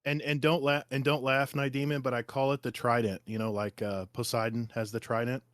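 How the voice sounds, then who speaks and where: Male guest, mid-pitched, eager and excitable; dry close mic. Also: a little fast, no room sound. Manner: excitable, emotional, enthusiastic. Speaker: guest podcaster. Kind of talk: casual gaming podcast chat.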